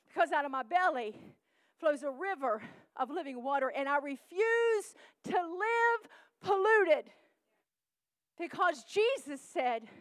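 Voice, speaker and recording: A woman preacher delivers a sermon in a very high voice. She calls out to the congregation and moves between loud declarations and quiet, intense passages. The sound is dry and close. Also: lively intonation, normal speed, dry recording. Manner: call-and-response preaching, swings from shouting to hushed.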